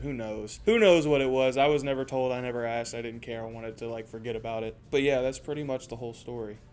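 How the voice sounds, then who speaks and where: A man's voice: medium pitch, clear, resonant tone. A man in his twenties telling a casual, profane story with lots of energy. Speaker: storyteller host.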